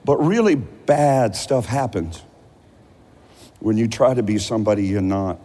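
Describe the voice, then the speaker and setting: A man's voice: on the low side, animated, a little slow, warm tone, big-room sound. A man preaching a sermon as a pastor, telling stories in a conversational way.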